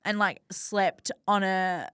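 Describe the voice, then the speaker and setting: A woman's voice: medium pitch, fairly even intonation, slow pace, fairly bright tone, clean tone, no echo, studio quality. A young woman, a podcast guest speaking openly and from the heart in a conversational interview, filling her talk with "like". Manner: open and heartfelt, peppered with "like".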